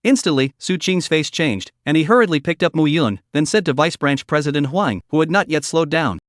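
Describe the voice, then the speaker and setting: A text-to-speech male voice narrating a story recap with an even, machine-like reading. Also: on the high side, brisk, few pauses, no echo, clean studio sound.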